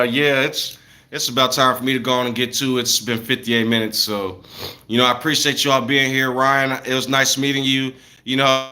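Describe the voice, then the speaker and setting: A man in his thirties telling stories at home on a casual livestream, in an animated, loose and profane way, talking straight to his viewers. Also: mid-range voice.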